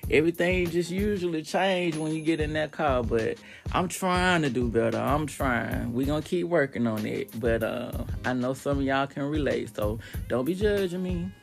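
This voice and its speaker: Podcast host, woman, gravelly, casual and emphatic monologue. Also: low-pitched, moderate pace, over music. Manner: chatty and emphatic, with animated bursts.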